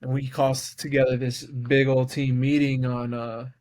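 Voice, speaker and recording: A young man co-hosting a podcast, telling a story in casual chat and acting out the quotes with lively jumps in his voice. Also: medium pitch, unhurried. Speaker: podcast co-host.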